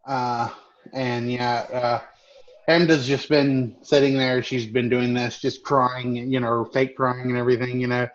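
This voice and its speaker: A man's voice: mid-range voice, level tone, unhurried. Stammering cursing male player, lo-fi. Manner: swearing, stammering. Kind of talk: casual tabletop play.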